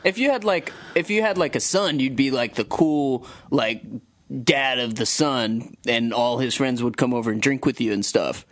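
A man's voice: medium pitch, moderate pace. Laid-back man on a radio show. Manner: loose, full of "like" fillers. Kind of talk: casual radio banter.

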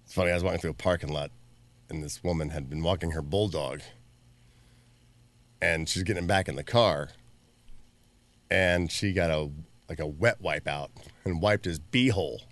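A man's voice: deep voice, moderate pace, long pauses. A man co-hosting a show, trading jokes and telling funny stories in casual banter. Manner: joking, animated storyteller. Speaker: radio show co-host.

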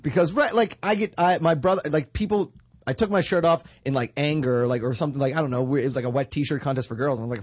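Male podcast host, husky and rapid, animated comic chat, dry close recording. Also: mid-range voice, no echo. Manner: fast, animated storytelling with sudden loud outbursts. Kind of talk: casual comedic chat.

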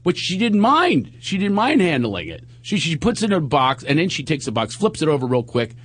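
A middle-aged man tells a story on a radio talk show, animated and laughing as he acts out what everyone said. His voice has a slightly husky grain, and his pitch rises and falls widely. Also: brisk. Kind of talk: casual storytelling chat.

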